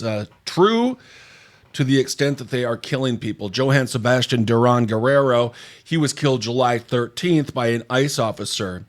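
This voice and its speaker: A man hosting a political commentary podcast, blunt, indignant and profane. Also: mid-range voice. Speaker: podcast host.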